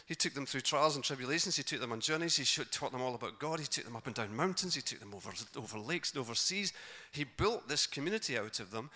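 A man preaching a sermon, telling the gospel stories in a lively way and acting out the characters' lines. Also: mid-range voice, fast, few pauses. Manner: animated storytelling, acting out voices of the characters.

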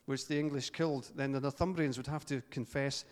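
Scottish man, chatty informal sermon, mid-pitched voice, long hall echo. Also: fairly even intonation, brisk, darkish tone. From Scotland. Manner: chatty, joking asides, frequent fillers and restarts. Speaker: preacher.

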